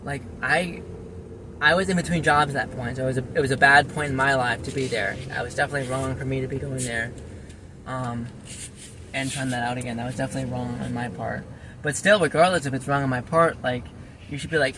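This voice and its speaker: A frustrated man talks straight to the camera in a casual vlog, his voice a little higher than most men's. He rambles, restarts his sentences and returns to the same complaints. A faint vehicle hum sits under the recording. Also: steady tone, brisk. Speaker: former volunteer firefighter and EMT. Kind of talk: casual personal vlog monologue.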